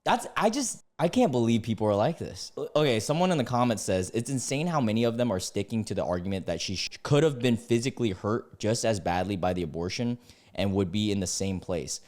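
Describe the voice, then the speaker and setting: A young man in his late twenties with a lowish voice that swings widely in pitch. He reads posts aloud, then breaks into excitable, ranting reactions with sudden high jumps. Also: fairly quick. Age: 20s. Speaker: YouTuber reading Reddit posts. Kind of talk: reacting to and reading online posts.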